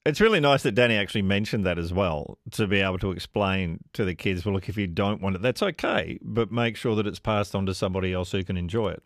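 A man's voice: deep voice, fast, hardly any pauses, dry recording, studio quality. A man hosting a radio talkback show, greeting callers and thanking listeners for their texts. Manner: warm-toned, introduces callers and reads texts. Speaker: radio host.

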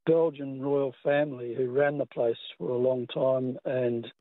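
Rambling Australian caller on phone line. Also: male voice, mid-range voice, steady tone, a little slow, no room sound. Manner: rambling, hesitant.

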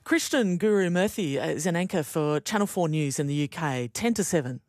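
An Australian woman presents a live breakfast radio show, moving between news reads and interviews. Her delivery is relaxed and unpolished, with small fillers. The studio mic sounds close and dry, with no room sound. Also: low-pitched, normal speed, dry recording, faint music behind.

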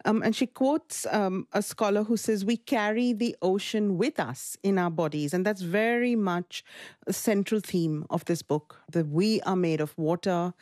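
A woman's voice: medium pitch, measured pace, a little mellow, no room sound, clean studio sound. Earnest woman book reviewer on radio. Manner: earnest, enthusiastic, repeats phrases.

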